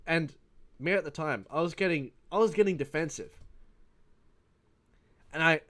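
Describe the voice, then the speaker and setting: A man's voice: on the high side, moderate pace, fairly bright tone. A man of about twenty with an Australian accent, telling a rambling, profane gaming story in a casual vlog. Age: around 20. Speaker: gaming YouTuber.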